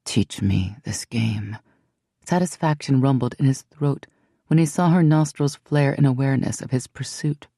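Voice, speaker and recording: An audiobook narrator telling a fantasy romance in an even, measured way. The voice is gravelly and mellow, recorded close and dry. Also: medium pitch, dry recording. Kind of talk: scripted narration.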